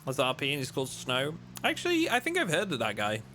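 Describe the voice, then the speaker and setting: A man's voice: fairly high pitch, huge pitch swings, fast, pushed and bright, slight background noise. A young man from England with a mild Lincolnshire accent, chatting casually and joking with his live-stream chat while playing a game. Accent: Lincolnshire English, mild.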